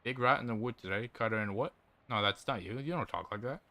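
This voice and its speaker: A man's voice: mid-range voice, quick pace, pushed and bright. A man casually commenting on a game and reading its text aloud as he plays. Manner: casual, offhand remarks. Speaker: gaming video host.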